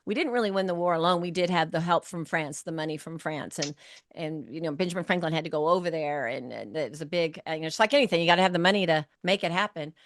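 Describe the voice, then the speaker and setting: A woman's voice: low-pitched, fast talker, no echo. Effusive woman hosting a podcast, dry sound. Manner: effusive, gushing praise with restarts. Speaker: podcast host and producer. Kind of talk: warm enthusiastic interview chat.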